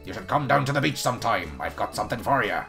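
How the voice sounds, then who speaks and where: Man putting on a gravelly old sea dog. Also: lowish voice, animated, fast, bright, forceful tone, soft background music, exaggerated voice. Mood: hearty. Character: gruff old male sailor fisherman.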